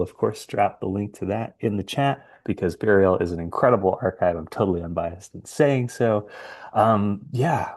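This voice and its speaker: A man's voice: fairly low pitch, warm tone. A man hosting a reading series over a video call, chatty and rambling. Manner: rambling and chatty, full of fillers and laughs. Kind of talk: casual wrap-up talk and poetry reading.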